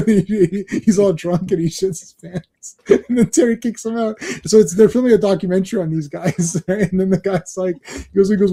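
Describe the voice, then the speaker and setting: A man's voice: high voice, normal speed, breathy edge. A man hosting a casual chat, telling stories with lots of laughter and repeated words. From Canada. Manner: animated storyteller, laughs often, repeats words. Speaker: podcast host.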